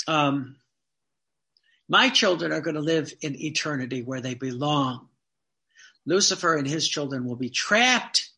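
A man's voice: high-pitched, sharp tone. A man giving a devotional teaching talk as a preacher, emphatic, asking rhetorical questions and repeating phrases for stress.

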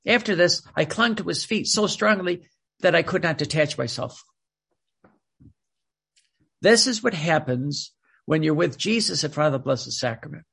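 A man's voice: on the high side, expressive, moderate pace, gravelly, long pauses, a bit bright, slightly rough. A man giving an informal sermon with readings, speaking emphatically and often restarting and repeating words. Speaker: preacher reading from a spiritual book.

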